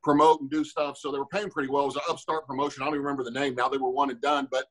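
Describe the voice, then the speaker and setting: Fast-talking husky man telling stories. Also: mid-range voice, low-quality recording. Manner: animated, acts out quoted dialogue; profane, rambling with fillers. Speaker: podcast guest, former fighter. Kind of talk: casual podcast storytelling.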